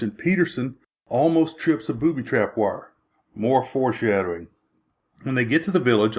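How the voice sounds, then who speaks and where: A man giving a scripted narration that retells a film plot, with dry, wry asides. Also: mid-range voice.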